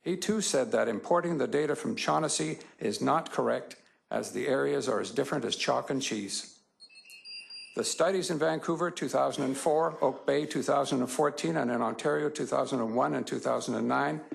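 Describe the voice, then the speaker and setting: A Canadian man with a heavily gravelly, fry-laden voice at mid pitch, addressing a council chamber as a public delegate. He reads a prepared statement in a measured, methodical manner. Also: rough recording. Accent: Canadian English.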